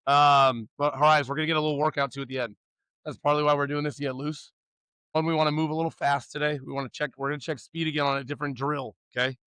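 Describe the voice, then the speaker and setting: Upbeat male pitching coach, slightly high voice, teasing, shouting cues, dry room. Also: flat delivery, fast, smooth, no echo. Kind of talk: coaching a youth warm-up.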